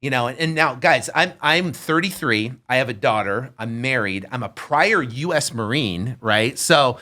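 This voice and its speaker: A man in his fifties speaks at normal speed with a medium pitch while telling a story as a guest on a podcast. He's animated in the casual conversation, acting out the voices of the people he mentions.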